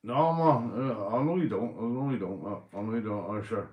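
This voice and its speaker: Here a man from Northern Ireland, tipsy after a few beers, rambles through a casual livestream chat, laughing and cursing frequently with his viewers. His pitch is medium and the sound is roomy.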